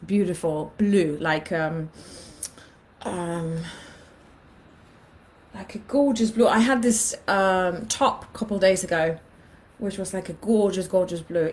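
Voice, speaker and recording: A woman's voice: lowish voice, slow, long pauses, a little mellow, slight background noise. A woman in her thirties telling a personal story in a casual vlog, animatedly acting out her own thoughts. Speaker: vlogger.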